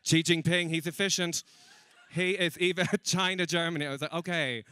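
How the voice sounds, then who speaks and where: A man doing stand-up comedy before a live audience, chatting with the crowd in a self-mocking, quick way. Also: a little high, fairly even intonation, pushed and bright, slight background noise. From Ireland.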